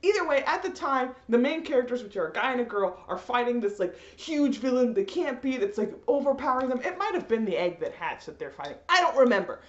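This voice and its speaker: Animated, rambling young woman ranting. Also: on the high side, fast talker, few pauses. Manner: rambling, animated, filler-heavy. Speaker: vlogger. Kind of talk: ranting commentary. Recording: roomy, slightly dull recording.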